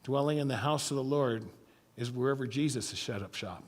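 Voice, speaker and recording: A male pastor delivering a sermon, telling a scripture story with emphatic stretches that fall to a hushed tone. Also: medium pitch, brisk. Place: church sanctuary. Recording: church hall reverb.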